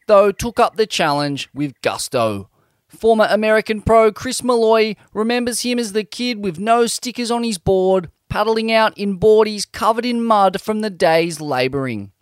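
A man narrates a scripted story in a high, smooth, resonant voice. His delivery is measured and steady. The close mic gives a dry, upfront sound. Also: no echo. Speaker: podcast narrator.

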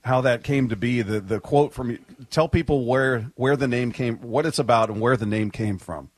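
A man's voice: mid-range voice, normal speed, no echo. A man hosting a radio show, asking questions and wrapping up an interview in a friendly way.

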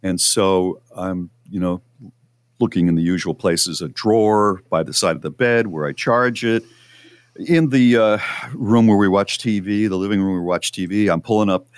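A man with a fairly low voice hosts a talk show and spins a long, animated personal story. His pitch shoots up when he relives the frantic moments. The sound is dry and close. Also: moderate pace, no echo. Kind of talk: casual storytelling.

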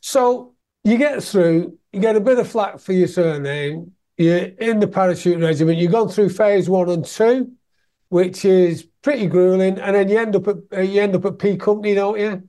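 English guy hosting the chat, high voice, summing up the guest's stories. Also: normal speed, dark tone. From England. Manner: conversational, recaps the guest's stories. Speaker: interviewer, host. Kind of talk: casual interview chat.

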